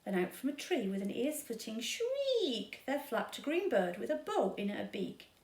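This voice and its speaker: Woman reading a kids story, super expressive, slow, echoey room. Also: on the high side, far from the mic. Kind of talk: children's read-aloud storytime.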